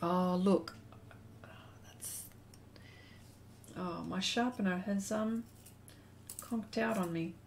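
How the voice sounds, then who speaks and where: A woman's voice: medium pitch, slow pace, long pauses, slight background noise. An Australian woman hosting an art live stream, chatting casually and reading viewer comments aloud as she draws.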